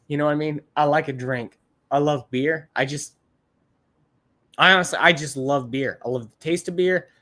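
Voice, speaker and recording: A man's voice: fairly high pitch, a bit bright. Rambling, profane man chatting on a livestream. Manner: rambling, blunt and profane, repeats himself. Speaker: livestream host. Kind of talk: casual chat to live viewers.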